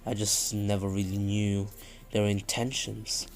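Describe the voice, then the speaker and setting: A man doing a slow, formal old spymaster. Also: lowish voice, flat delivery, voice pushed down. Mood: measured. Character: veteran male spy master, formal and posh.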